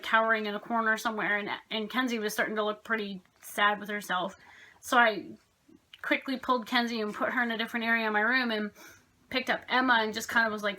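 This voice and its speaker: A woman's voice: on the high side, bright, forceful tone. A young woman vlogging casually at home, telling rambling stories about her pets with lots of fillers. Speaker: craft vlogger. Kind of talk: casual chatty storytelling.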